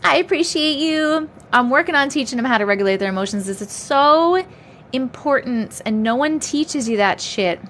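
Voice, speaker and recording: A woman's voice: sits high, expressive, moderate pace, fairly bright tone, a little hiss or hum. A woman in her thirties hosting a casual live stream, reading chat and laughing often as she talks. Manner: laughs often, chatty and upbeat. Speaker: livestream host.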